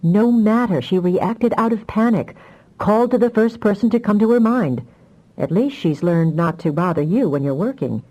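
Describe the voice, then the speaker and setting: A woman doing a calm, teasing husband. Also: medium pitch, moderate pace, lo-fi sound, pitched above the performer's own voice, lightly acted. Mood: gently teasing. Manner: gentle, teasing, steady. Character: calm, affectionate husband, adult man.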